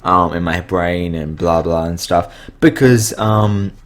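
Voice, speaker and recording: A man with a slightly low voice talks through a coding tutorial in a loose, rambling way. He sounds tired and is losing his voice, and he keeps stumbling, restarting and filling gaps with ums. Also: steady tone, slow. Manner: rambling, frequent fillers and self-corrections. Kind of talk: casual screen-share coding tutorial.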